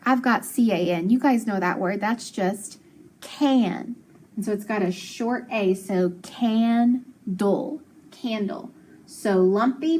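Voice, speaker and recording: A fairly high, somewhat bright woman's voice, with a little hiss or hum on the recording. Giving young pupils a phonics lesson, she patiently quizzes them, answers questions herself, praises their answers, and spells each word one letter at a time.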